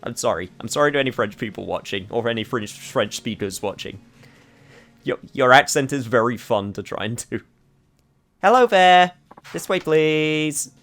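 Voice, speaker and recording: A young man streams a game with rambling, self-deprecating let's play commentary, laughing at his own slips. His voice is lowish and fairly bright, and he talks briskly.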